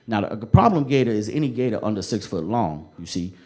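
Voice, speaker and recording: A man's voice: on the low side, very animated, a little mellow. A man doing a drawling Southern gator hunter. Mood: folksy. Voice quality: sweet sultry drawl. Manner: folksy, explains slowly, keeps saying okay. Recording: noisy live club recording.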